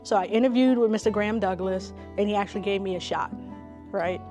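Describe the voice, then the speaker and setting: A woman, a school counselor telling stories in an interview in a relaxed, conversational way with many fillers. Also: mid-range voice, fast, soft background music. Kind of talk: interview storytelling.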